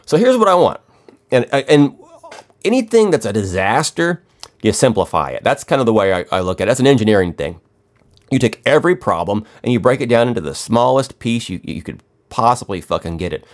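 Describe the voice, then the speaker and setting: A man's voice: mid-range voice, very animated, a little fast. A man ranting in a profane, sarcastic way, rambling with restarts as he talks through his gripes. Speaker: podcast ranter. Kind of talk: profane comedic rant.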